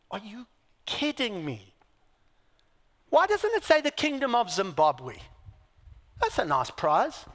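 A man preaching a sermon, dramatic, swinging from loud exclamations to near whispers. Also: sits high, very animated, moderate pace. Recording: long hall reverb.

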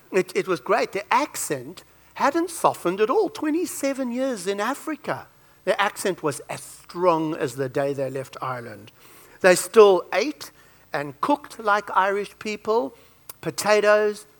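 Animated preacher, a man telling stories. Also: sits high. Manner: animated, joking storyteller. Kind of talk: sermon with personal anecdotes.

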